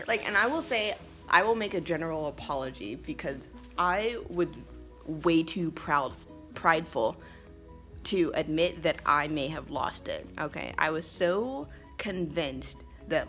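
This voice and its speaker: A young woman from the United States tells a story to her vlog audience in a chatty, emphatic way, laughing often. Her voice sits low for a woman. Soft music plays faintly underneath. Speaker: vlogger and English teacher abroad.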